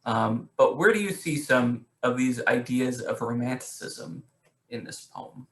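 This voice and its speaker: A man teaching a literature class over a video call, talking with many pauses and restarts and asking the students questions. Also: medium pitch, animated, fairly bright tone, echoey room. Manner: hesitant, restarts often, asks questions. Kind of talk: online class discussion.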